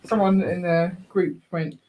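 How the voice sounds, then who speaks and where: A woman's voice: fairly low pitch, fairly even intonation, a little slow. A woman in her thirties, co-hosting a live building stream in a casual, teasing, slightly tired chat. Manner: chatty, teasing, a bit tired and yawning. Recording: loud clicking and clattering noise.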